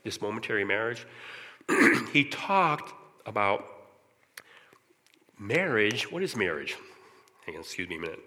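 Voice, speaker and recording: A middle-aged man giving an earnest personal testimony in church, often clearing his throat as he talks. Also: on the low side, sing-song, measured pace, long pauses, bright, forceful tone. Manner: earnest, candid storytelling. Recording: long reverb of a large hall.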